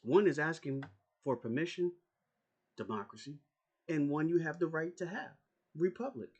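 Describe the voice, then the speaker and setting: A man with a fairly high voice rants straight at the camera, combative and profane. He hammers the same points again and again. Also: lively intonation, normal speed, darkish tone, slightly rough. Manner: profane, confrontational, repeats himself. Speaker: YouTuber. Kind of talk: angry political rant to camera.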